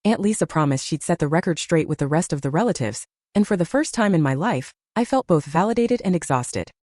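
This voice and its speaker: A young adult woman reading a first-person family drama story as narrator, with a lively, expressive delivery. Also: lowish voice, fairly quick, no echo, studio quality.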